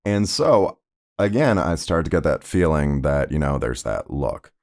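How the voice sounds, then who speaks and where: Low, gravelly man telling stories. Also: very animated, unhurried, a little mellow. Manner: conversational, rambling with many fillers. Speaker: podcast host. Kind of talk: personal storytelling podcast.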